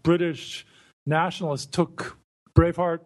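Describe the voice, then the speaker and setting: A man interviewing a guest, asking long curious questions in a relaxed conversation. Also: a little high, measured pace. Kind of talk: casual conversation.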